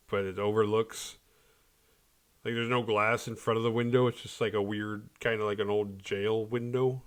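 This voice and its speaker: A man casually retelling a horror movie plot in a rambling, animated way, slipping into mock voices for the characters. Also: mid-range voice. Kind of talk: casual comedic movie recap. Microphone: condenser microphone.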